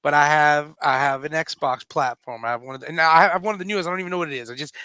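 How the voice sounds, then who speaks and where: High, bright-voiced man in his forties. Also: rapid-fire, clear, resonant tone, no echo. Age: 40s. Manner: animated, acts out quotes, stammers in bursts. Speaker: comedian and show co-founder. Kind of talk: comic storytelling on talk radio. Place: remote virtual studio.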